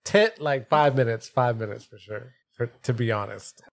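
A man's voice: mid-range voice, normal speed, vocal fry. A young man co-hosts a podcast with a mid-range voice, joking and wandering in his remarks. He often restarts his sentences and drifts into silly tangents. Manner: joking, rambling interjections. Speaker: podcast co-host. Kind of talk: casual podcast chat.

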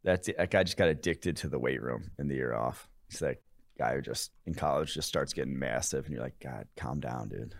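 A man's voice: rumbling low, a little fast, no room sound, clean studio sound. A man co-hosting a casual sports podcast, blunt, crude and wry. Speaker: podcast co-host.

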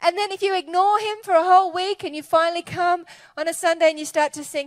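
Woman preacher, high voice, animated and chatty, dry close sound. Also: fast talker, hardly any pauses, no room sound. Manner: animated, conversational, enthusiastic. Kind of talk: sermon.

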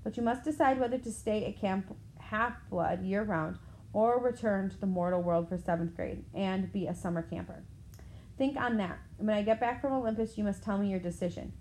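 A woman voicing a weary, wise old male centaur teacher who speaks calmly and firmly. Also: medium pitch, a little hiss or hum, natural voice, rough recording. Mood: grave. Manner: calm, measured, gently firm.

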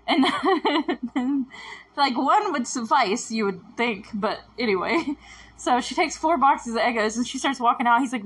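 A woman's voice: fairly high pitch, expressive, normal speed, a bit bright, slightly rough. A woman giving a casual, emotional reaction commentary, rambling with sighs and stammered restarts. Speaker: show reviewer.

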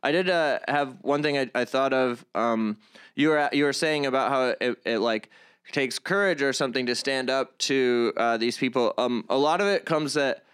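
A man's voice: medium pitch, fairly bright tone, clear, resonant tone. A young man, a comedian and activist, talking earnestly in an interview, stopping and restarting his sentences often. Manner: halting, many restarts and fillers, earnest. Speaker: guest, comedian and activist vlogger. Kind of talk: conversational interview.

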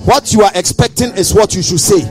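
A male pastor preaching a sermon in a rhythmic, sing-song way, breaking into emphatic shouts. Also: sits high, fairly quick, soft background music.

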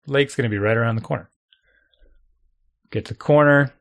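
A man casually telling a long story, animated, acting out his own thoughts and chuckling often. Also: mid-range voice, a little fast, gravelly. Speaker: storyteller guest.

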